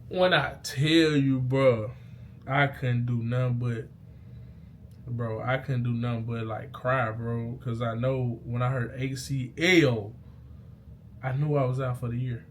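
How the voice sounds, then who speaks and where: Young man, casual vlog storyteller, animated and slangy, with faint background noise. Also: medium pitch. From Mississippi. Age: young adult. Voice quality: slangy, animated storytelling, loud bursts at the peaks. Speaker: vlogger. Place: indoors, talking into a mirror.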